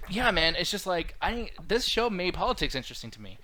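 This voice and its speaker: Fast-talking bright-voiced man. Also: high-pitched, big pitch swings, a little hiss or hum. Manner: quick, loose, profane, many fillers like "like". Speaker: podcast co-host. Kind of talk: casual chat.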